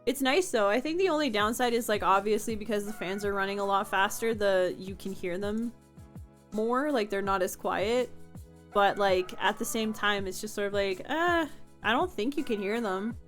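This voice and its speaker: A woman's voice: medium pitch, moderate pace, soft background music. A young woman streamer chatting casually with her chat from home, answering comments and laughing often.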